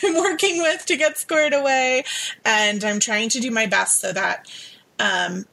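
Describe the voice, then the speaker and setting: Bright-voiced sarcastic woman podcast host. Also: medium pitch. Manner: sarcastic, joking. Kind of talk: casual podcast chat.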